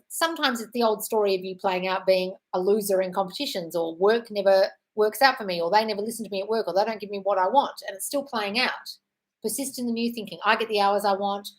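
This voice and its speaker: The recording is rough, and the woman's voice is medium-pitched. She's at home, a dog close by, hosting a casual live Q&A where she reads viewer questions and answers them fast, bluntly, and with free swearing.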